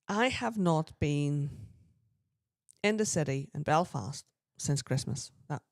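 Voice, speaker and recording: A woman's voice: deep voice, no room sound, clean studio sound. A woman, co-hosting a podcast and telling a long personal story in casual chat, acting out the voices of the people in it. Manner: chatty, quotes people in lively voices, frequent throat clearing. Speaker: podcast co-host.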